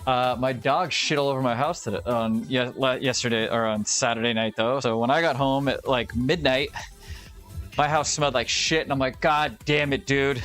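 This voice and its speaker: A man's voice: mid-range voice, normal speed, soft background music. A young adult man telling profane, ranting stories in casual chat while streaming. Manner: profane, ranting, animated storytelling.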